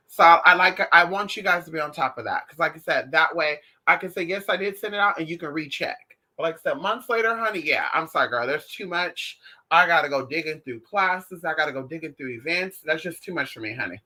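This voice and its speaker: A woman talking casually to her viewers in a lively, sassy way, often calling them honey and y'all. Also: lowish voice, fast talker. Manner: animated, sassy, calls listeners honey and y'all. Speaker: spiritual class teacher, vlogger.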